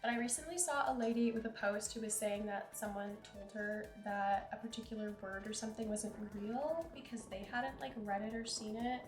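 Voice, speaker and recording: A woman's voice: fairly high pitch, moderate pace, few pauses, reverberant, soft background music. Chatty young woman streaming a game. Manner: chatty, giggly, reads game lines aloud. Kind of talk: casual chat while playing.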